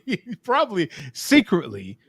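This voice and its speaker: A man's voice: high-pitched, huge pitch swings, measured pace, a bit bright, husky, no room sound. A man hosting a casual beer chat, joking and rambling, often laughing. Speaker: podcast host. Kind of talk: casual chat over beers.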